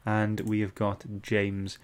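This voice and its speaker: A man's voice: fairly low pitch, monotone, takes it slowly, clean tone. A man hosting a casual podcast chat, reading out viewer comments and joking with his co-hosts. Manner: chatty, reads out viewer comments. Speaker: host.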